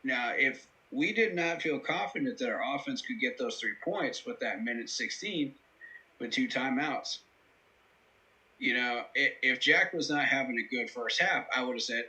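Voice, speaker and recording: A man with a very bright, sharp-edged voice hosts a live football reaction. He breaks down plays and clock management earnestly, leaning on "you know" as he talks. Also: medium pitch, animated, normal speed, poor audio. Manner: earnest, analytical, many "you know" fillers. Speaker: host.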